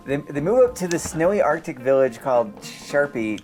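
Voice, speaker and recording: A man's voice: fairly high pitch, sing-song, moderate pace, a little mellow, faint music behind. A young man co-hosting a casual podcast, recapping a book in a rambling way with crude jokes. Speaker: podcast co-host.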